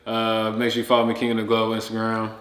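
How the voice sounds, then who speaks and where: A man's voice: on the low side, monotone, fast, a bit bright. A man co-hosting a podcast in casual chat, laid-back and brief. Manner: laid-back, short agreeing replies. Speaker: podcast co-host. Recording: echoey room.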